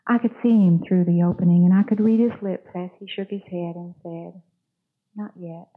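A woman's voice: fairly low pitch, fairly even intonation, fairly quick, close to an everyday voice. A suffering talking teacup, once lumps of clay, pleads through its story as a woman tells it. The voice comes over a tinny, phone-like line. It is a simple storybook figure inside a sermon. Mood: pleading.

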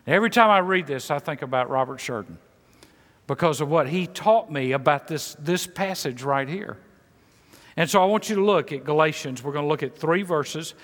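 A man's voice: on the high side, lively intonation, normal speed, a bit bright, long reverb tail. A man pastor preaching a sermon with an emphatic, repetitive cadence.

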